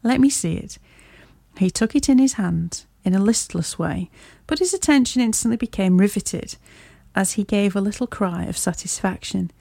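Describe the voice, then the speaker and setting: Woman storybook reader, steady and measured, dry close sound. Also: mid-range voice, vocal fry, dry recording. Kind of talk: reading a classic story aloud.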